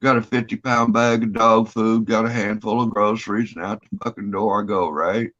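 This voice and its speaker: Man, casual chat, profane rambling storyteller, muffled low-fi audio. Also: fairly even intonation, normal speed, a bit bright. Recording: dull lo-fi audio.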